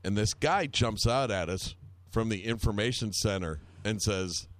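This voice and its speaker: A man's voice: on the low side, a little slow, a bit bright, no echo. A man telling a long, rambling anecdote in casual chat, wry and full of swearing.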